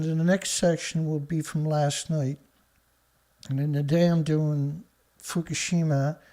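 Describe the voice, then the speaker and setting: A man's voice: a little high, mellow. A man from Canada hosting a live-stream news show, talking casually in a sarcastic, rambling way and scoffing at headlines.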